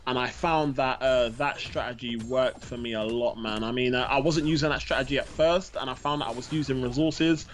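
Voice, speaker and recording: A man in his thirties keeps a relaxed, chatty gaming-stream conversation going. He reads viewer questions aloud, laughs often and slips "bro" and "man" into nearly every sentence. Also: mid-range voice, brisk, hardly any pauses, a little hiss or hum. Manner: laughing, storytelling, says man and bro a lot. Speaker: co-host reading chat questions. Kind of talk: casual gaming chat.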